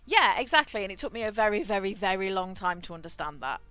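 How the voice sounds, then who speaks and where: A woman's voice: medium pitch, big pitch swings, fast, sharp tone, clean tone, no room sound, faint music behind. A woman streaming a game, chatting frankly, swearing freely and laughing often. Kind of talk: casual chat while gaming.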